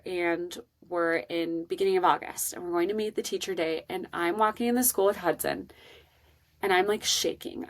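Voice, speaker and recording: A woman hosting a podcast, telling a personal parenting story in an earnest, emotional and expressive way. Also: on the low side. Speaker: podcast host.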